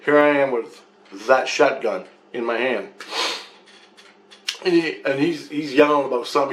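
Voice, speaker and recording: A man's voice: medium pitch, moderate pace, pauses often, slight background noise, rough recording. A man telling a rambling first-person story with profanity and restarts. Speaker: vlogger.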